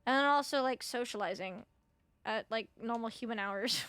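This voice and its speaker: A woman's voice: on the high side, normal speed, fairly bright tone, dry recording. A young woman streaming a video game, chatting casually with her viewers, swearing freely and sounding sleepy. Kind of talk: casual gameplay chat.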